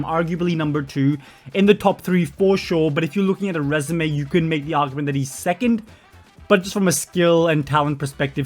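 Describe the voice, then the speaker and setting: Young male commentary host, a touch high-pitched, blunt opinions, loose delivery with fillers. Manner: blunt, opinionated, with frequent fillers and self-corrections. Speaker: MMA commentary channel host. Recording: faint background music.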